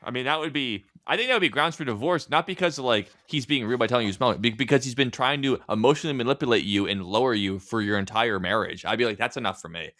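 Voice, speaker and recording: A man co-hosting a podcast in casual chat, animated and swearing as he reads out internet stories. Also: medium pitch, quick pace, hardly any pauses, no room sound, studio quality. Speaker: podcast co-host.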